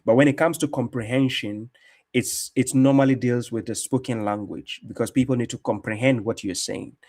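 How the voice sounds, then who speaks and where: A man's voice: mid-range voice, steady tone, normal speed, darkish tone. A man from Ghana, hosting a show and chatting casually, with many restarts and fillers. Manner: rambling, with frequent restarts and fillers. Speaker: online show host. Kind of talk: casual commentary, reacting to chat.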